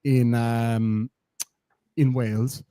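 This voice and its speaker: A man's voice: mid-range voice, little pitch movement, very slow, mellow, smooth, no echo. A man hosting a casual live stream, reading out viewer donations with profane, sardonic remarks.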